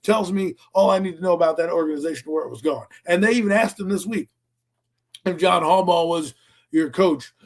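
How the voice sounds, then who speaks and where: A man co-hosting a casual sports talk show, telling profane, animated stories. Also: high-pitched, fairly quick. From Philadelphia area, US. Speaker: podcast co-host.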